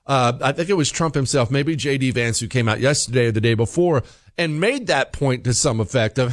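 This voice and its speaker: A man hosting a radio talk show, delivering an emphatic political commentary monologue and slowing down to stress his points. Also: mid-range voice, no room sound, studio quality. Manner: animated, emphatic, slows down for emphasis.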